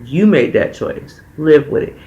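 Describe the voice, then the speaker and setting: A man's voice: on the high side, expressive, measured pace, mellow, dull audio. A man reviewing a reality TV episode in a casual, blunt and profane way, heated in his opinions. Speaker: TV show reviewer.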